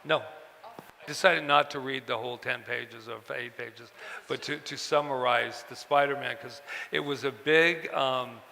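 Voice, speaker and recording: A man telling personal stories to an audience at a book event, halting and repeating words, acting out the voices of people he quotes. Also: medium pitch, steady tone, gravelly, sharp tone, a little hiss or hum. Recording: long hall reverb.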